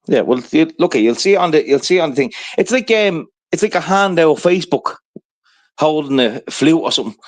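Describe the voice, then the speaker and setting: Rambling, cursing man, slightly high voice. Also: expressive, fairly quick. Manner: rambling, profane storytelling with constant "right?". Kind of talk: casual chat.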